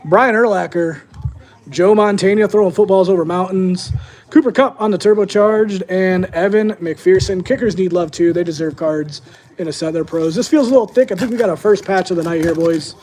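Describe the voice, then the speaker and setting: A man's voice: high voice, a little mellow. Chatty young man hosting a card break. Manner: casual, chatty, talks to viewers as "boys". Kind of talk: live-stream card break commentary.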